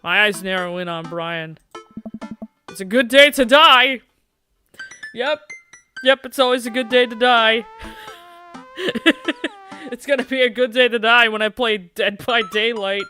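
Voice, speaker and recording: High, bright male streamer reading a game aloud, jokey asides, faint music underneath. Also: a little slow, pauses often. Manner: playful, laughs at his own slips.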